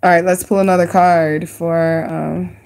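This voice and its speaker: Reading tarot live for her audience, this woman sounds chatty and excitable, tossing in slang and drawn-out emphasis. Her voice is on the low side with vocal fry, and slight background noise is present.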